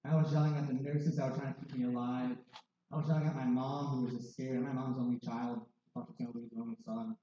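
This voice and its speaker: A man's voice: medium pitch, flat delivery, fast talker, mellow, a little hiss or hum. A young man in his twenties sharing a candid personal testimony with wry, self-mocking humor. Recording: distant, dull, very echoey hall.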